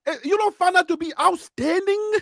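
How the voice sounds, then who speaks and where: A high-pitched man with a Liberian accent hosts a lively sports debate, words tumbling out in repeats. His voice is close and dry, with no room around it. He is excitable and quick to laugh. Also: creaky, no room sound. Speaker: host. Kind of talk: live sports debate chat.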